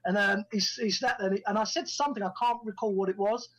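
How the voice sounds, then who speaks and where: A middle-aged actor and debut film director tells anecdotes as an interview guest, casually acting out the dialogue he quotes. He talks fast in a high, steady, somewhat bright and husky voice, and the recording is low quality.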